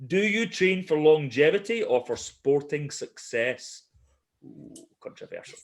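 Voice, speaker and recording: A man's voice: on the high side, unhurried. Laughing man telling stories. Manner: animated storyteller, laughs often. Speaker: podcast host. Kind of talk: casual chat.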